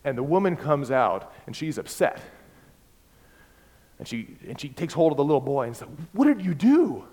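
A man preaching a sermon, emphatic and repeating key words, swinging between loud and soft. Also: mid-range voice, normal speed. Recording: long hall reverb.

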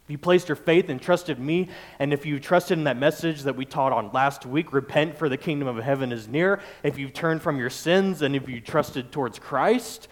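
A male pastor preaching a sermon, building his points through repeated phrases and lists. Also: on the high side.

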